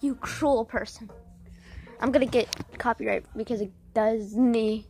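A woman's voice: on the high side, steady tone, unhurried, darkish tone, shouting. A woman rambling and joking in a scattered, silly way while making a casual video. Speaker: video maker. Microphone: headphones on, yelling at times. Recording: noisy hiss behind voice.

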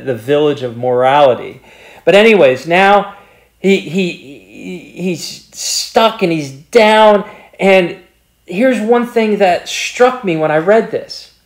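A man leading a Bible study and retelling a story in an earnest, halting way, often repeating words as he restarts his sentences. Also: high voice, darkish tone, echoey room. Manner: earnest, slows down for emphasis.

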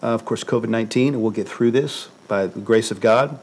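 A man's voice: on the low side, brisk, husky, low-quality recording. A man, a pastor, giving a conversational sermon in an earnest way, repeating words for emphasis.

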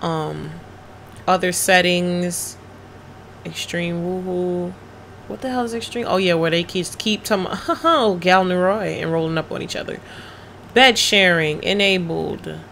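Brief: woman game streamer, bright edgy tone, blunt and profane, chats with viewers while she plays. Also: fairly low pitch, measured pace, vocal fry, slight background noise. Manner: reads chat messages aloud and answers them. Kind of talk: casual gaming livestream chat.

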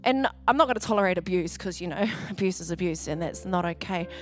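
A woman's voice: on the low side, fast talker, soft background music. A woman pastor gives a conversational sermon in a church hall, laughing often and acting out what people said. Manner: chatty, laughs often, acts out what others said.

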